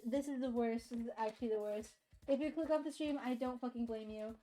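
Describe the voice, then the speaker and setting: A woman streamer chatting at her desk, her voice sitting a little high. She rambles, swears and laughs at herself, sounding tired and overheated. Faint music plays under her voice. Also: brisk, warm tone. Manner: rambling, self-deprecating, swears and laughs often. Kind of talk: casual live-stream chat.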